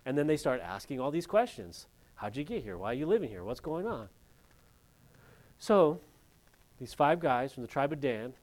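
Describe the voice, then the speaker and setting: A middle-aged man from California, a pastor teaching through a Bible passage in a conversational way with joking asides and quick quoted voices. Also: on the high side, darkish tone.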